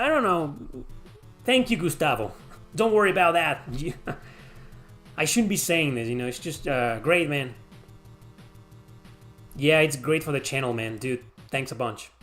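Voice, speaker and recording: A man's voice: a little high, a bit bright. A man casually answering chat questions on a livestream, rambling and swearing freely.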